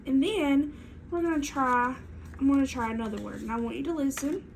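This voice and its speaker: A woman teacher reads aloud and leads a reading lesson for young children, speaking clearly in a sing-song classroom manner. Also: sits high, a little fast, a little hiss or hum.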